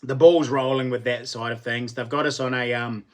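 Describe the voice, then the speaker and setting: A man's voice: mid-range voice, steady tone, moderate pace. A middle-aged man with a New Zealand accent, hosting a casual livestream chat, greeting and thanking viewers by name and laughing often. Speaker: livestream host.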